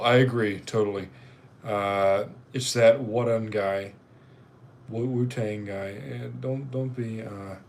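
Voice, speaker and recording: Casual male streamer, mid-pitched and rambling, with a faint hiss in the background. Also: darkish tone. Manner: rambling, chatty. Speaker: livestream host. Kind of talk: casual live-stream chat.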